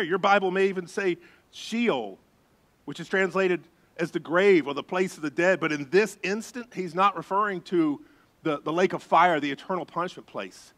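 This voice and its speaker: Male pastor, slightly raised pitch, animated sermon storyteller who drops to a hush for suspense. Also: normal speed.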